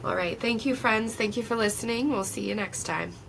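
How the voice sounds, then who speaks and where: A woman's voice: fairly high pitch, a little fast, vocal fry. A woman hosting a podcast interview, encouraging her guest and laughing easily. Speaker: podcast host. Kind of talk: casual interview chat. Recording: distant mic with faint noise.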